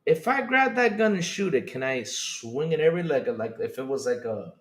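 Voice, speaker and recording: A man hosting a live gaming stream, talking excitedly with his viewers and reading their chat, repeating himself and laughing often. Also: mid-range voice, normal speed.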